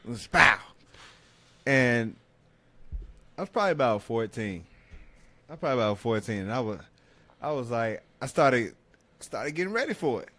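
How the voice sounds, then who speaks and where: A man, co-hosting a podcast in casual chat, a lively storyteller who laughs often. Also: mid-range voice, normal speed, long pauses. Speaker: podcast co-host.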